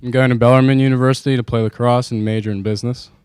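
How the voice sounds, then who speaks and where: A young man in his late teens, a graduating student, answering in a flat, slightly hesitant way. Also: mid-range voice, very fast, smooth, dry recording.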